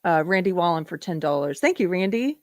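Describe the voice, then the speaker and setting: A woman's voice: fairly low pitch, lively intonation, fairly quick, no room sound, studio quality. Opinionated woman hosting a live stream. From South Carolina. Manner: opinionated, emphatic, reads out viewer donations. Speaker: host of a live political show.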